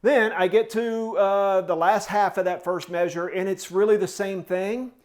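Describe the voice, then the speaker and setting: A male snare drum teacher with a voice pitched a little above the usual for a man. He walks students through the music beat by beat, scatting the rhythms and counting them in with an encouraging, coaching manner. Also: steady tone, measured pace. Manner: sings drum rhythms in syllables and counts off tempos. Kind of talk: step-by-step music tutorial.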